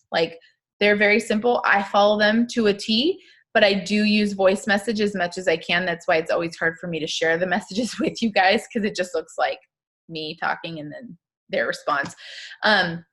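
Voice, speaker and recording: A woman's voice: medium pitch, fairly bright tone. A woman coaching her sales team on a live stream, casual and chatty, full of fillers and asides, upbeat and emphatic.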